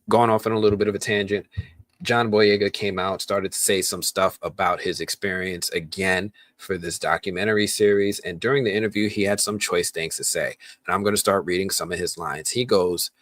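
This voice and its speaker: A man's voice: sits low, steady tone, normal speed, fairly bright tone, no echo. A man hosting a casual movie news podcast, talking loosely with lots of ums and restarts. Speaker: podcast host.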